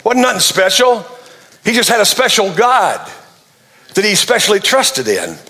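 A man's voice: sits high, huge pitch swings, normal speed, bright, forceful tone. A man preaching a sermon, playful and joking, acting out prayers in the voice of the people praying them. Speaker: pastor.

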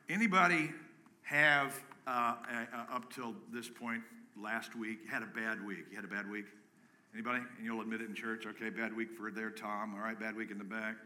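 A man preaching a live sermon to his congregation, energetic and joking, rallying the room with calls and shouts. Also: medium pitch. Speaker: pastor. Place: church sanctuary with a congregation.

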